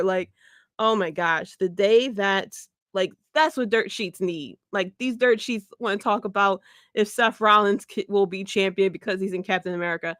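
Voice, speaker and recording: A woman hosting a podcast, recapping wrestling in a joking, animated way, laughing often and swearing freely. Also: mid-range voice, moderate pace, no room sound, studio quality. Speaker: podcast host. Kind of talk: casual wrestling recap chat.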